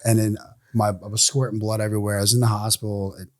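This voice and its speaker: A man in his forties with a somewhat low voice tells a hard personal story as a guest on a podcast. He is blunt and swears freely. He brings the story to life by acting out what other people said. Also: quick pace. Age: 40s. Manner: blunt, profane, animated storyteller; acts out other people's lines in quoted voices. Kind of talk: candid recovery storytelling.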